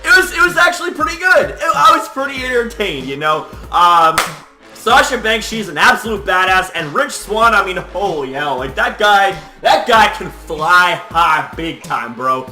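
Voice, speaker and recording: A young man casually recapping wrestling results, animated and swearing freely, full of fillers. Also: high-pitched, moderate pace. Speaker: wrestling commentator, channel host. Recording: echoey room with faint music.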